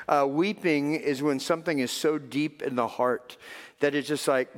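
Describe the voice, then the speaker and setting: A man's voice: on the high side, normal speed. Man preaching in an echoing hall. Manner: dynamic preaching, swings from loud emphatic to soft and hushed. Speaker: pastor. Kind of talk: sermon. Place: church sanctuary. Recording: long reverb of a large hall.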